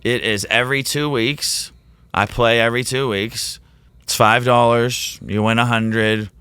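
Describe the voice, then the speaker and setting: A man who teaches, telling a rambling, excitable story as a podcast guest. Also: mid-range voice, unhurried, clean tone, dry recording. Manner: rambling, excitable, quotes himself in animated voices. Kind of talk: casual storytelling in a podcast interview.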